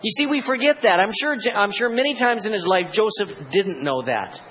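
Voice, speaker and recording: A man's voice: sits high, lively intonation, moderate pace, a bit bright, a little hiss or hum, low-quality recording. A male pastor giving a sermon, asking rhetorical questions and acting out voices in dramatic asides.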